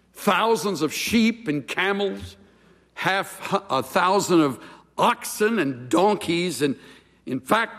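Slow-speaking preacher in a reverberant hall. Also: male voice, sits high. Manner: measured, emphatic pulpit delivery. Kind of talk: sermon.

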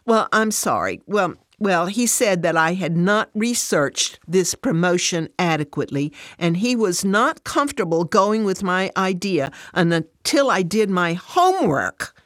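A woman's voice: fairly low pitch, very animated, measured pace, hardly any pauses, fairly bright tone, dry recording, pitched above the performer's own voice. A woman voicing an upset working mother who turns defensive and sarcastic, close to tears.

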